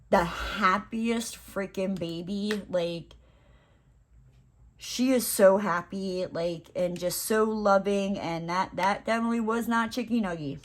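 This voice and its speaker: A woman's voice: fairly low pitch, a little hiss or hum. Rambling, joking woman vlogger. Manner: rambling, full of fillers and playful asides. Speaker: crafting vlogger. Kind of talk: casual chat while crafting.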